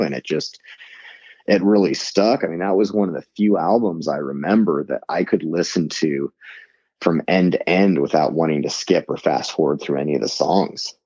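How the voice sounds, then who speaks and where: A man's voice: deep voice, darkish tone, dry recording, highs cut off. A man in casual conversation, thoughtful and hedging often with "I mean".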